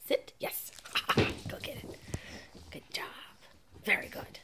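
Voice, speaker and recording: A woman chats to her puppy in playful, coaxing baby talk, heaping on praise. Her voice sits low and is heavily gravelly, and it swings wildly up and down as she coos. She often slips into breathy whispers. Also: very animated, slow pace, pauses often, pushed and bright. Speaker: dog trainer. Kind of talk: casual talk to a puppy during training.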